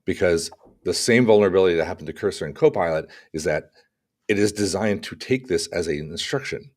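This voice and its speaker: A man co-hosting a casual tech podcast, talking through examples in an animated way with acted-out asides. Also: low voice, a little fast. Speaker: podcast co-host.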